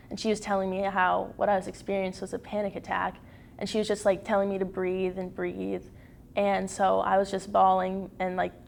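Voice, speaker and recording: A teenage girl giving a candid personal account in an interview, halting and full of fillers and restarts. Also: mid-range voice, gravelly, a little hiss or hum. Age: teens. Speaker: interview guest.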